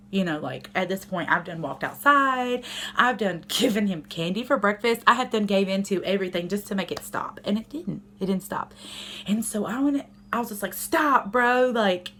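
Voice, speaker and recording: A woman's voice: medium pitch, a bit bright, a little hiss or hum. A young woman, a mother, talking casually to her camera at home, candid and rambling with many fillers.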